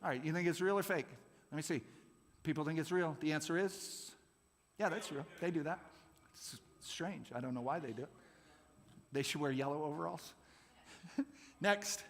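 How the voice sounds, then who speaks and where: A man's voice: a little high, moderate pace, pauses often. A man running a playful real-or-fake quiz with a youth group at a church service, jokey and laughing often. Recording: long hall reverb.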